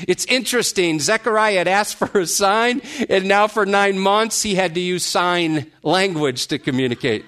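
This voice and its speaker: A male pastor preaching a sermon, explaining a scripture passage and asking his listeners rhetorical questions, slowing down when he reads the verses aloud. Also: high-pitched, a bit bright, smooth. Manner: slows to a deliberate pace when reading scripture.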